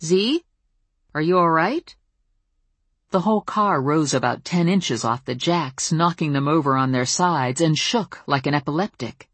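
A woman narrating a first-person audiobook in an even, wry storytelling tone. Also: sits low, normal speed, hardly any pauses, slightly rough, no room sound.

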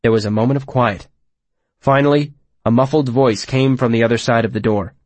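A man narrating first-person fiction in a measured, expressive storytelling manner, on a close mic. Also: mid-range voice, no echo. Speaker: audiobook narrator.

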